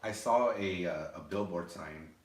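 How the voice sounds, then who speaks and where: Deep-voiced, hesitant man. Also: a little slow, a little hiss or hum. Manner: hesitant, many fillers, questioning. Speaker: podcast co-host. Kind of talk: casual chat. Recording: roomy echo, distant mic.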